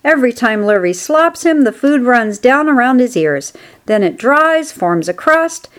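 A woman voicing a brisk, insistent farm wife in a storybook reading. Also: a little high, expressive.

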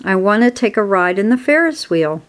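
A woman voicing a loud, excitable young boy in a storybook reading. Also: medium pitch, moderate pace, natural voice. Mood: rowdy. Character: rowdy show-off young farm boy.

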